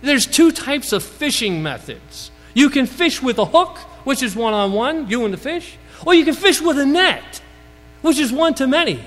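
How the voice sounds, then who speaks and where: A man's voice: big pitch swings, moderate pace, few pauses, fairly bright tone, big-room sound, faint music behind, poor audio. A man from Brooklyn, New York, with a Brooklyn accent, preaching a sermon and telling a story, often asking the congregation questions. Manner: storytelling, asks the audience questions, rises and falls in pitch for emphasis.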